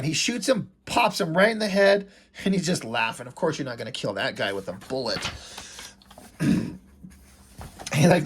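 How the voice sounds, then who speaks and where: A man's voice: a little high, expressive, unhurried, long pauses, breathy edge. A man casually reviewing a comic book, reading the dialogue aloud and swearing with enthusiasm. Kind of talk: casual comic read-through commentary.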